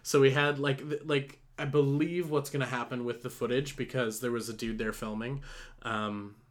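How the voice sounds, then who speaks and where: A man's voice: medium pitch, fairly even intonation, normal speed. A young man chatting on a podcast, his story spilling out in loose, meandering sentences. He pokes fun at himself, drops plenty of "like"s and curses freely, with a mid-range voice. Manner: rambling, self-mocking, heavy on "like" and swearing. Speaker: podcast co-host. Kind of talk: casual storytelling chat.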